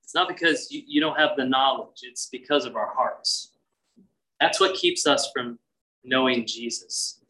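A man preaching a sermon as pastor, earnest and conversational, often dropping to a hushed voice. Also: medium pitch, a little slow, far from the mic, poor audio.

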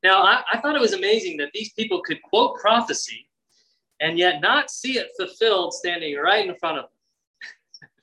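A man's voice: high voice, expressive, normal speed, sharp tone, low-quality recording. A man preaching a sermon, reading scripture and acting out its voices with conversational asides. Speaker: pastor.

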